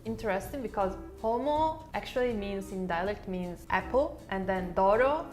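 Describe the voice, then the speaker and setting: A woman's voice: medium pitch, lively intonation, normal speed, a little mellow, faint music behind. A woman from Italy whose first language is Italian, patiently explaining words in English as a guest on a stream. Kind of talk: casual chat on a stream.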